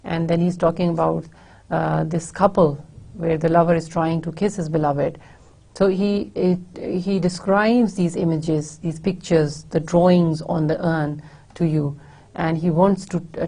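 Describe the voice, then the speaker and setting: A woman lecturing on a poem, reading lines aloud and explaining them slowly, often repeating and rephrasing herself. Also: on the low side, gravelly, warm tone, slightly rough. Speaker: university lecturer. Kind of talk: poetry lecture.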